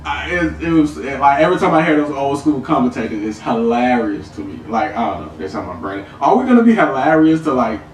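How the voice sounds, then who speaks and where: A man's voice: mid-range voice, lively intonation, quick pace, few pauses, distant mic, a little hiss or hum. A man hosting a casual football reaction video, chatty and laughing easily as he repeats clips and talks through matchups. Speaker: sports video host. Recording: echoey room, off-mic, music behind.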